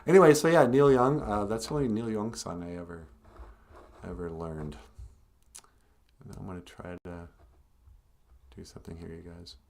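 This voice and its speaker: A man's voice: low-pitched, normal speed, gravelly, long pauses, darkish tone. A man who cartoons and plays music, chatting casually on a live stream, rambling and laughing often.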